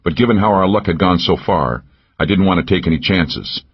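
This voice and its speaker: A man's voice: sits low, animated, brisk, slightly rough, dull audio. A man narrating a first-person thriller audiobook, tense and driving in action scenes.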